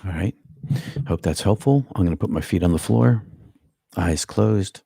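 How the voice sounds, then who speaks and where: Middle-aged Boston man as a meditation teacher on a live stream, husky and very low, calm with chatty asides. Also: moderate pace, no echo, clean studio sound.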